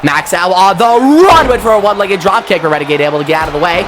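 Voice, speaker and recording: A man giving casual, excitable wrestling commentary, chatty and quick to swear. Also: high-pitched, noisy background.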